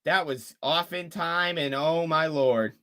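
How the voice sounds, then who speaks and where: A young man giving fan play-by-play commentary of a basketball game, excitable and openly rooting for one team. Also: fairly high pitch, slow pace.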